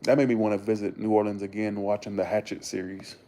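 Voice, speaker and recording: Young guy rambling to his viewers, mellow dark voice, cusses a lot, gets all excited. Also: fairly low pitch, fast. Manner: rambling, enthusiastic, swears freely. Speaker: vlogger talking to viewers. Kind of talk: casual chat.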